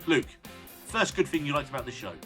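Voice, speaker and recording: Male podcast host, bright and lively, playful banter. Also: a little high, brisk, soft background music. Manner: animated, jokey. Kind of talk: casual chat.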